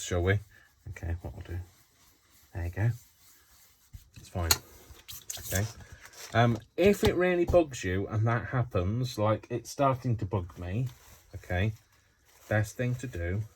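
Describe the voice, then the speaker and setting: A man's voice: lowish voice, slight background noise. A man hosting a casual craft tutorial, chatting and rambling to himself as he works. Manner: chatty, rambling, self-talking while working.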